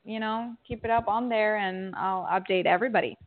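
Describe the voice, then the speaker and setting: Female interview guest, mid pitch, chatty, phone-line quality. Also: steady tone, brisk. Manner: chatty, lots of "like" and "you know". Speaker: guest actress. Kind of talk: casual interview chat.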